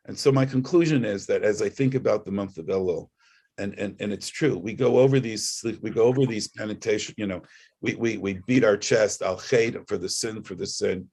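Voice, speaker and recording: A man's voice: on the low side, brisk, a little mellow, slightly rough. A man sharing a personal reflection over a video call, rambling with frequent restarts. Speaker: guest speaker.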